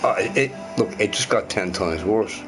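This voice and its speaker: A man's voice: on the low side, unhurried, over music. A young man ranting loosely to his live chat, swearing and repeating himself. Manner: animated, sweary, repeats phrases. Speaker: live streamer answering chat.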